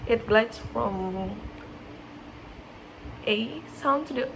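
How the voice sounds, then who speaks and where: Young woman student, slightly high voice, lots of ums, slow, hiss behind her. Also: animated. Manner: hesitant, many fillers, repeats example words. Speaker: student presenter. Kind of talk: explaining in a class presentation. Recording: clear background hiss.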